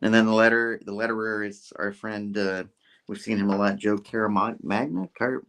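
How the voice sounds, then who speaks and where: A man with a fairly low voice hosts a casual comic book review. He rambles through the recap with restarts and filler and chuckles as he goes. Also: steady tone, moderate pace, a bit bright, smooth.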